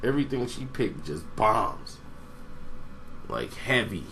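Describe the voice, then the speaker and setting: A man giving a casual, rambling movie review, meandering and pausing to search for names. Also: lowish voice, animated, vocal fry, a bit bright, a little hiss or hum.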